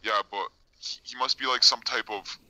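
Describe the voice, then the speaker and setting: A young man talking casually as an interview guest, hesitant and halting, full of fillers and repeats. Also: medium pitch, steady tone, bright, forceful tone, poor audio. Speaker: guest claiming to be a time traveler. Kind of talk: casual live-stream interview.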